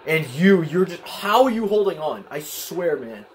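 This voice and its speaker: A young man giving excitable, frustrated live commentary while playing a wrestling video game at home, often yelling at the screen. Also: on the high side, moderate pace. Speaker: gaming channel host. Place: home, at a desk in a spinning chair.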